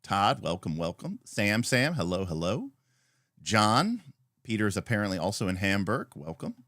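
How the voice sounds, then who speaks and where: A man's voice: on the low side, sing-song, normal speed, a bit bright, dry recording, studio quality. A man hosting a casual livestream, chatty and rambling as he greets viewers by name. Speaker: livestream host.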